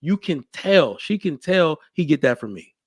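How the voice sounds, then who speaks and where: A man's voice: on the high side, normal speed, gravelly, slightly rough, dry recording, clean studio sound. A man hosting a casual podcast chat, telling stories and acting out the people he quotes. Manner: animated storyteller, acts out quotes. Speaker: podcast host.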